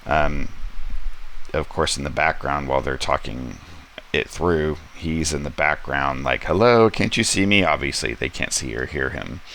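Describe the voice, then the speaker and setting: A man's voice: rumbling low, gravelly, fairly bright tone, a little hiss or hum. A man casually reviewing a comic book from his home studio, rambling with many ums and light character quotes. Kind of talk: casual comic review, paging through an issue.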